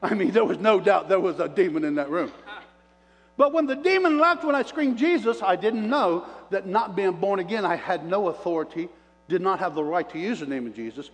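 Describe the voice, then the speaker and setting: High-voiced man preaching in an echoing hall. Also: fairly quick, faint music behind. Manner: animated storyteller with preacher call-outs to the crowd; folksy self-described redneck talk. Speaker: preacher giving his testimony. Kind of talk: sermon testimony. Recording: long reverb of a large hall.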